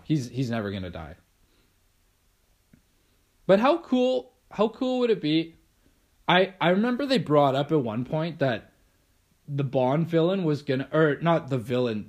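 A young man hosting a podcast, rambling casually on his own with lots of swearing and restarts. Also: mid-range voice. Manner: rambling, profane, restarts often. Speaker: podcast host. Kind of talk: casual solo monologue.

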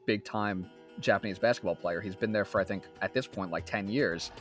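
A young man co-hosting a podcast, talking in a casual, animated way and laughing often. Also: fairly low pitch, a little fast, soft background music. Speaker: podcast co-host. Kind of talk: casual chat.

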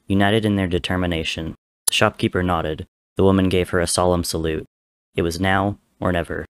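A man with a very low voice reads a story aloud. His delivery is measured and dramatic, with steady pacing through the narration.

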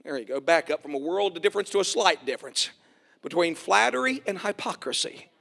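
A middle-aged man preaching a sermon. He calls for amens, jokes folksily, and swells to shouts. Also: a little high, lively intonation, brisk, vocal fry. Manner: folksy, joking asides.

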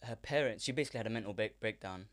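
A man's voice: lowish voice, very fast, fairly bright tone. A young man co-hosting a casual podcast, chatty and plainly explaining a story. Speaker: podcast co-host.

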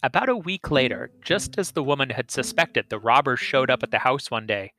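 A man's voice: medium pitch, expressive, a little fast, pushed and bright. A man telling a folk tale aloud as the host of a storytelling podcast, reading evenly and expressively. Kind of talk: storytelling narration.

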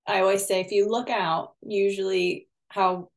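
A woman's voice: mid-range voice, little pitch movement, moderate pace. A woman co-hosting a podcast, talking casually and thoughtfully, often hedging with "you know".

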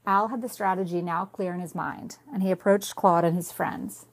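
A woman reads her own novel aloud as narrator, in a steady and plain storytelling manner. Her voice sits somewhat low for a woman. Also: normal speed. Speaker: reader, narrator.

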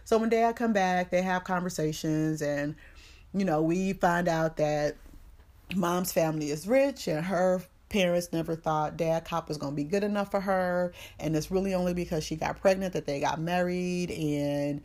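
A low-pitched woman recaps a movie for her podcast, swearing freely and using plenty of slang. She talks casually and acts out the characters' lines as she goes. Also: fairly even intonation, moderate pace, a little mellow. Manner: profane, slangy storytelling with quoted voices. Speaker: podcast host.

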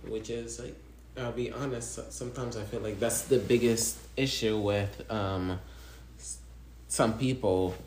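A man's voice: fairly low pitch, steady tone, a little slow, darkish tone. A young man with a Senegalese French accent, talking earnestly and reflectively in casual, slangy chat. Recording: echoey room, faint background noise.

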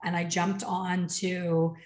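A woman's voice: lowish voice, slow. A middle-aged woman hosting an interview, telling stories in a chatty way and acting out the voices of others. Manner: chatty storyteller, animated quoted voices. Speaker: podcast host. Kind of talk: casual interview chat.

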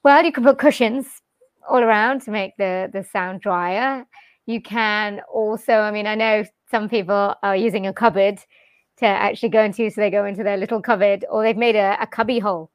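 A British-accented woman talks in a chatty, upbeat way, close to a directional mic. Her voice sits at an ordinary middle pitch. The sound is dry and close, with almost no room in it. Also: steady tone, smooth, no room sound. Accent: general British. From Wales. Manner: chatty, upbeat, quick to laugh. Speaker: voiceover artist and jazz vocalist. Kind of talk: casual interview chat. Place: quiet corner of a home lounge. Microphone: directional mic with pop shield.

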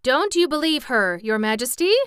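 A woman voicing an earnest, slow-witted male pumpkin-headed wooden man in a storybook reading. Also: mid-range voice, lively intonation, bright, forceful tone, clear, resonant tone, no echo, clean studio sound, pitched above the performer's own voice.

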